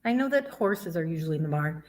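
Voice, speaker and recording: A woman's voice: low-pitched, expressive, quick pace. A woman youth librarian from Michigan leading a children's story time in a sing-song way. She asks her young listeners questions and imitates animal sounds.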